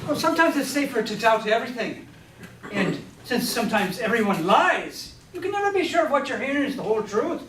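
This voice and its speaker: A man's voice: very high voice, very animated, fairly quick, a bit bright, a little hiss or hum, heavily acted. Man playing a wry frontier judge. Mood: measured. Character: small-town frontier judge, skeptical. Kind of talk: stage play acting. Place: theater stage. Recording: roomy stage sound from far off.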